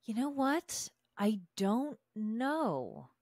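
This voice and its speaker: A woman co-hosting a podcast in casual recap chat, animated and chatty. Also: a little high, very slow, no room sound, clean studio sound. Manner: animated, chatty, quotes people in put-on voices. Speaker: podcast co-host.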